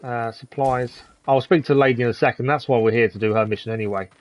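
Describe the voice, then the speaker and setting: A man's voice: medium pitch, steady tone, fast talker, no room sound, lo-fi sound. A man hosting a live gaming stream, chatting casually with viewers and commenting on the game. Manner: chatty, friendly, reads chat aloud, says "to be fair" often.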